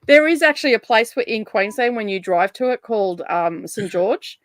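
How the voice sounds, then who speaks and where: A woman's voice: medium pitch, moderate pace, no echo. A woman hosting a casual reading livestream, chatty, greeting viewers and laughing often. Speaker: livestream host.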